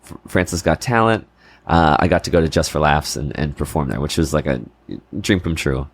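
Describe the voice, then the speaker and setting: A man's voice: very deep voice, normal speed. A middle-aged man, a comedian guest on a podcast, talking casually with many fillers and restarts.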